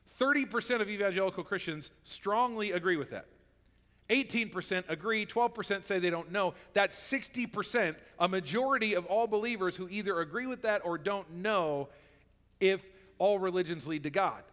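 A man's voice: high-pitched, normal speed, fairly bright tone, in a large hall. A man preaching a sermon as pastor, in a conversational way that keeps checking in with the listeners. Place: church sanctuary.

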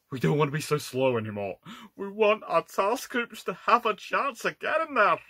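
Man doing demanding Scottish navy planners, emphatic, lively pitch, dry close sound. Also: normal speed, no echo, heavily acted. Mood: insistent. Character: brisk male naval planners making demands.

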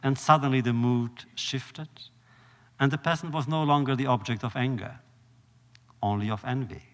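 Male lecturer, measured storyteller with long pauses; live hall reverb. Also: medium pitch. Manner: measured, solemn, with dramatic pauses.

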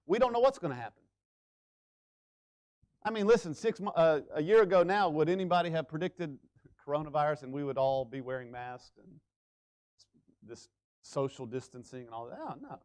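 High-voiced preaching pastor, swinging loud to hushed. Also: male voice, animated, brisk. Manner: preaching with sweeping swings between loud urgency and hushed emphasis. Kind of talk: sermon. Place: church sanctuary.

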